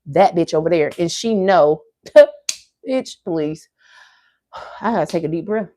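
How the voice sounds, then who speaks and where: A woman's voice: lowish voice, fairly quick, dark tone, no room sound. A woman hosting a livestream, ranting bluntly and profanely to her viewers in casual chat. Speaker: livestream host. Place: Miami area.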